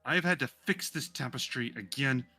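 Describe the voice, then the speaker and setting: Guy doing a cranky old granny who weaves fate, bossy and scolding, a bit higher. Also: moderate pace, faint music behind. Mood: agitated. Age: over 60. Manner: scolding, imperious, sharp.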